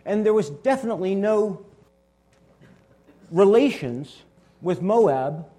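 Dark-voiced man teaching scripture. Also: high voice, animated, slow pace. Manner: explains word meanings and pronunciations. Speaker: Bible teacher.

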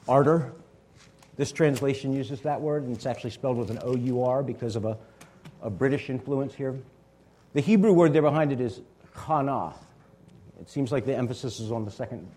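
Dark-voiced man teaching scripture. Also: mid-range voice, brisk. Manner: explains word meanings and pronunciations. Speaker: Bible teacher.

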